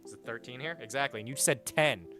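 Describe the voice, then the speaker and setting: A man's voice: medium pitch, fast talker, bright, forceful tone, faint music behind. A young man streaming live, chatting casually, reading out chat and donations, blunt and swearing freely as he rants. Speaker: livestreamer.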